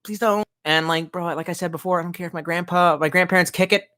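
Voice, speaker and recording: A man's voice: a little high, flat delivery, quick pace, sharp tone. A young man streaming live, rambling loosely and swearing a lot as he reads out chat comments, tipsy. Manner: profane, rambling, drunk banter. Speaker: livestreamer. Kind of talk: casual livestream chat reading comments.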